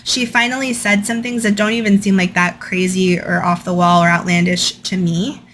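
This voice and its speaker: A woman's voice: on the low side, little pitch movement, normal speed, a bit bright, a little hiss or hum. Chatty woman host reading and commenting. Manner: chatty, frequent "like" and "um". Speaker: channel host. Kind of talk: casual storytime commentary, reading from a book.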